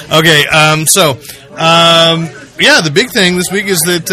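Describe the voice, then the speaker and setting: Bright-voiced podcast host man. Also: fairly high pitch, faint music behind. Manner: quick, enthusiastic, steers the talk. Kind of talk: casual chat.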